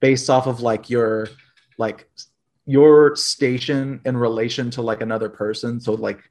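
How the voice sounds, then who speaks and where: A man chatting casually as a podcast guest, rambling and filling pauses with "like". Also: mid-range voice, steady tone, darkish tone. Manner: rambling, heavy use of "like" fillers. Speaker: podcast guest, dice maker. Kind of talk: casual chat.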